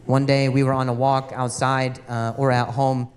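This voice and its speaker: A man's voice: mid-range voice, little pitch movement, normal speed, in a large hall, a faint crowd. A man doing stand-up, telling an exasperated story on a comedy club stage. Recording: live club recording with audience noise.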